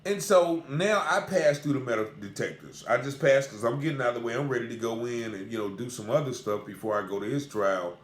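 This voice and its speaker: A man with a medium-pitched voice tells, briskly and with hardly any pauses, an earnest casual account of a personal encounter. The storytelling is conversational and repetitive, and the recording has a roomy echo.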